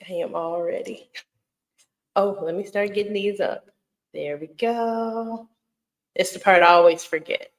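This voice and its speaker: A woman's voice: medium pitch, fairly even intonation, a little slow, pauses often, poor audio. A middle-aged woman chatting casually on a live stream, effusive and rambling, greeting viewers by name and laughing often. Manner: rambling with many fillers and restarts. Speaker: vlogger hosting a live Q&A.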